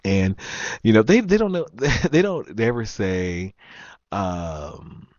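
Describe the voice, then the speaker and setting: A man's voice: on the low side, sing-song, slow, darkish tone, no echo, highs cut off. A man hosting a live chat stream, telling a story in a casual rant, laughing often and trailing off with ums.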